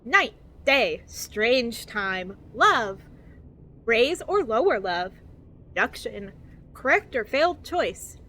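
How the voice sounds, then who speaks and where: A woman's voice: a little high, very animated, slow pace, sharp tone, a little hiss or hum. A woman streamer reading game text aloud in a cheery infomercial-style voice and giggling often.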